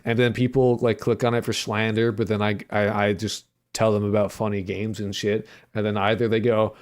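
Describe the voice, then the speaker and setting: A young man with a slightly low voice, riffing with his stream chat as he codes. He rambles through filler words, jokes around and swears casually in a loose, playful way. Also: flat delivery, normal speed, few pauses, clean tone. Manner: playful, jokey banter with chat. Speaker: streamer and indie game developer. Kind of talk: casual livestream chat while coding.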